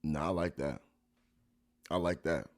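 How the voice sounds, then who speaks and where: A man hosting a podcast, joking and animated. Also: rumbling low, a little slow. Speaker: podcast host. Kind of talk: casual podcast chat.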